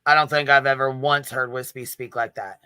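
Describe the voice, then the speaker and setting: A man's voice: medium pitch, steady tone, moderate pace, sharp tone, smooth, no echo. Indignant, profane man commentator. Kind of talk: reaction commentary.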